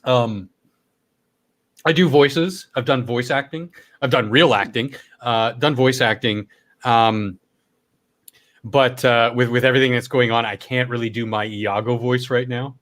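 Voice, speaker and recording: A male stream host chatting loosely late at night, his voice stuffed up and worn from talking for hours. He rambles along with small coughs and offhand swearing, at a middling pitch. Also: steady tone, normal speed, a bit bright.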